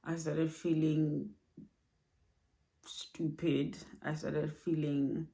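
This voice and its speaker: A woman speaking softly and haltingly in a personal vlog recorded at home at night, low on energy. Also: flat delivery. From Australia. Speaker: vlogger.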